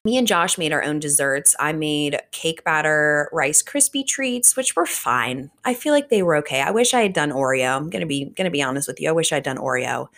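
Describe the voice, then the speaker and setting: A woman in her twenties from the Richmond, Virginia area, hosting a podcast in casual solo chat, animated and swearing freely. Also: low-pitched, a little fast, few pauses. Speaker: podcast host.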